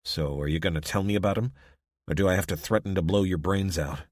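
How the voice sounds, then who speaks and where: A man's voice: sits low, fast talker, no echo, clean studio sound, natural voice. A man voicing a determined father who asks blunt, pressing questions.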